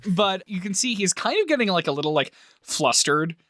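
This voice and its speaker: A man narrating a tabletop role-play game as game master, animated and laughing often. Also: high voice, a little fast, a loud crowd.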